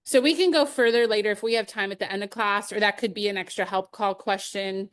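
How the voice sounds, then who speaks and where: Speaking fairly quickly in a mid-range voice, this middle-aged woman hosts a live webinar on sales training. Her style is cheerful and chatty, sprinkled with stories from her own life and soft laughs.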